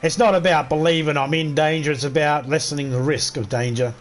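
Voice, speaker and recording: An Australian man chatting on a live gaming stream, telling stories loosely and casually. He swears freely and jokes crudely. His voice sits a little above the usual male pitch. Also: fairly even intonation, fairly quick. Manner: crude, swears a lot, joking. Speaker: gaming livestream host. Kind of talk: casual storytelling chat.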